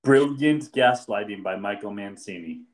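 Man with a lively pitch, blunt reactions. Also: normal speed. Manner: short blunt reactions, swears. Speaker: podcast co-host. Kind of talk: casual chat, reacting to the recap.

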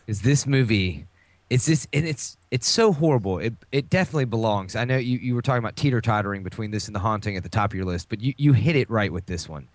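A man's voice: on the low side, fast, no echo. A middle-aged man in casual podcast chat, ranting with profanity and laughter. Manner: animated, profane, laughing rants. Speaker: podcast co-host.

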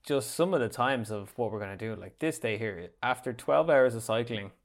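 A man's voice: medium pitch, animated, normal speed. Irish-based man in casual banter. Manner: joking, banters, puts on silly foreign voices. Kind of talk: casual chat among friends.

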